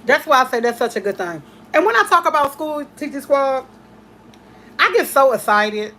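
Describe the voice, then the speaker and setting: A woman hosting a casual chat, talking in an emphatic, repetitive way with heartfelt excitement. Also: high-pitched, normal speed, slight background noise. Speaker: host.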